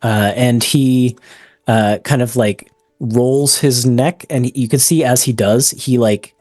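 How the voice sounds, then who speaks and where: A man's voice: medium pitch, steady tone, slow pace, darkish tone, no room sound, clean studio sound, soft background music. A man narrating as game master of a tabletop game, describing scenes with many ums and likes.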